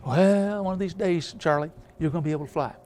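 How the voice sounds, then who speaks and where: A man's voice: fairly high pitch, quick pace, a little mellow, close to an everyday voice. A man voicing a patient father eagle coaxing his son to fly, as part of a sermon story.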